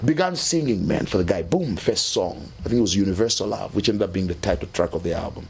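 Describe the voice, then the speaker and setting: A male musician, a guest on an interview show, recounting his story in an animated way and often adding "man" and "you know". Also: deep voice, fast talker, vocal fry, slight background noise.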